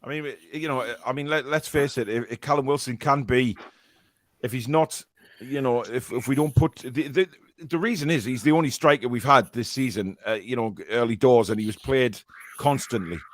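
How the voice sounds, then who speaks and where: Geordie bloke hosting a fan show, rambly, lots of ums, dry close sound. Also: male voice, mid-range voice, normal speed, dry recording. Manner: chatty, rambling, many fillers and restarts. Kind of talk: casual live fan-show chat.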